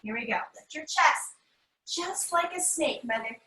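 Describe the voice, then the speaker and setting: Woman doing kids yoga, bouncy high voice, echoey room, kinda far from the mic. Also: animated, measured pace, sharp tone. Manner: playful, encouraging, sing-song cues. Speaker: yoga instructor. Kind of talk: guided kids' yoga class.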